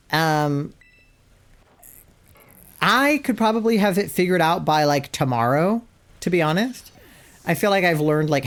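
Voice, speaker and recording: A streamer chatting casually about their day while playing a video game, rambling with lots of fillers and asides. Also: medium pitch.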